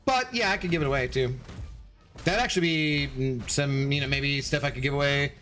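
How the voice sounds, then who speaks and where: A man's voice: medium pitch, fairly quick, pushed and bright, soft background music. A man streaming a game, rambling casually and answering viewers' chat messages as he plays. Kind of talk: casual live-stream chat while gaming.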